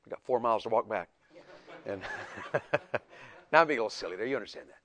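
A middle-aged man preaching a sermon to men, swinging between loud and soft and acting out voices. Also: lowish voice, animated, a little fast, long pauses.

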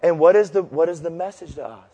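Gravelly animated pastor in his fifties. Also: in a large hall. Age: 50s. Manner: animated storytelling, shouting punchlines, then slowing and dropping to a low hush. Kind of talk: sermon.

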